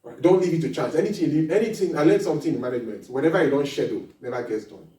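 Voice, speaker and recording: A man with a fairly high voice leads a seminar, animated and quick to laugh as he acts out small scenes. He sounds set back from the microphone, and a large hall rings around his words. The talk moves along in a casual, teaching way. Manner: animated, laughs often, acts out little dialogues. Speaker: marriage seminar speaker. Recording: echoey hall recording from far off.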